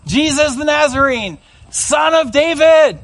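A blind beggar, urgent and determined, calling out with growing intensity, as a preacher voices him. His voice is high and swings widely. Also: expressive, normal speed, fairly bright tone, full character voice. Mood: crying out. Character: blind beggar man, desperate and hopeful.

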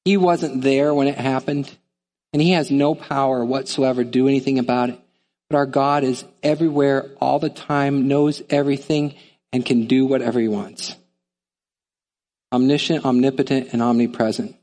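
A man preaching a sermon in a lively, conversational way, often acting out voices. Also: medium pitch, normal speed, long reverb tail. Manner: animated, conversational, acts out voices. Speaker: pastor.

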